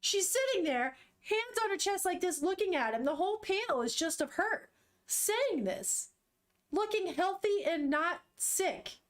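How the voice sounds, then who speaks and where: A woman with a high voice reads a manga aloud in a loose, casual way. She narrates panel by panel and keeps cutting in with excited, profane exclamations of surprise. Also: measured pace. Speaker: manga reader, streamer. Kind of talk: casual read-aloud with reactions.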